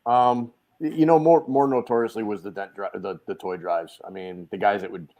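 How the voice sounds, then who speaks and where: A man, a guest on a video call podcast, telling stories in a loud, casual way and acting out the quotes. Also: fairly low pitch, a little fast. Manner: animated storyteller, acts out quotes, swears casually. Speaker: guest, dent repair tech. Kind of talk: casual storytelling chat.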